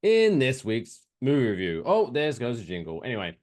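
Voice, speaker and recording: A man's voice: medium pitch, big pitch swings, fairly quick, few pauses, a little mellow. A man co-hosting a casual podcast, joking loosely and swearing freely. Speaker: podcast co-host.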